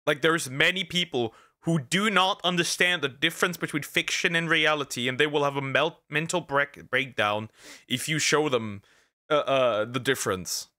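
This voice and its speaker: A man casually reacting to a video, animated and crude, laughing often and tripping over repeated words. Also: fairly high pitch, normal speed.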